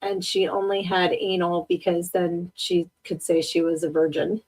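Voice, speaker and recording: A woman's voice: on the low side, little pitch movement, normal speed, a little mellow, breathy edge. A woman hosting a casual live podcast, chatting and joking with her audience and laughing often. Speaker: podcast host. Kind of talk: casual live-stream chat.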